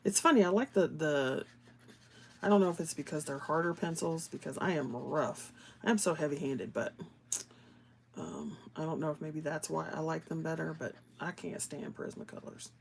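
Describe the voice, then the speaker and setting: A woman's voice: low voice, moderate pace, vocal fry, a little hiss or hum. A woman hosting a live stream, chatting casually with viewers as she colors, laughing often and slipping into whispers while she works. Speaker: livestream host.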